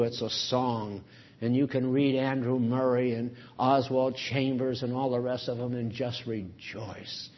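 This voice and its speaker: A man preaching a sermon in an earnest, emphatic way, swinging between loud and soft. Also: mid-range voice, husky, muffled recording.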